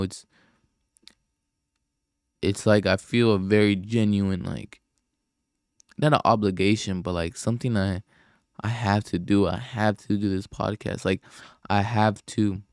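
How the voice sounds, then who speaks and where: Gravelly low-voiced young man rambling. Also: dry recording, studio quality. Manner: rambling, profane, self-deprecating. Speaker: podcast host. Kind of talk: casual solo podcast monologue.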